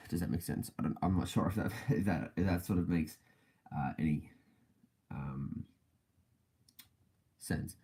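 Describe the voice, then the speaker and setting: A man's voice: low-pitched, measured pace, vocal fry, pauses often, dark tone, husky. A man hosting a casual podcast livestream, rambling with many fillers and self-corrections and laughing often between thoughts. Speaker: podcast host.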